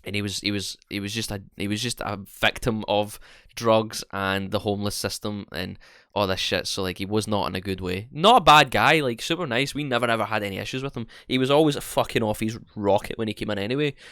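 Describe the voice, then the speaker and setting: A young man spins a story on a podcast, swearing freely and acting out each voice in turn. His tone is low-pitched and smooth, and the recording is close and dry. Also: brisk, hardly any pauses, no echo. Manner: animated, sweary storyteller acting out both sides of exchanges. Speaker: podcast co-host. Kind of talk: casual storytelling chat.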